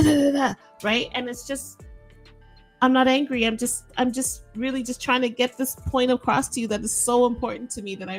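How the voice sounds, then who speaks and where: A woman hosting a podcast, talking casually and emphatically, often repeating her words. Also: mid-range voice. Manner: animated, emphatic, repeats herself. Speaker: podcast host. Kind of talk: casual solo talk on a livestreamed podcast.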